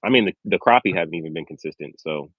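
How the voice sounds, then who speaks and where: A man with a very low voice joins a casual interview as a guest over a remote call. The sound is dull and dry. He talks in a laid-back, hesitant way and often repeats himself. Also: expressive, fast talker, no room sound.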